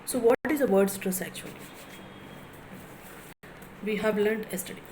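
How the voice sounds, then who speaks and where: A woman's voice: mid-range voice, normal speed, background noise. A woman, giving a classroom lecture on pronunciation, often repeating herself and asking the class questions. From India. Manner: repeats points, asks the class rhetorical questions. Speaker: English lecturer.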